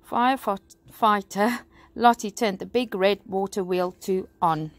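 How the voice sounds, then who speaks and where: A woman's voice: mid-range voice, no room sound. A woman teacher reading a story aloud to young children, outdoors. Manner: slow, warm storytelling to children. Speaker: primary school teacher. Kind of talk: bedtime story read-aloud.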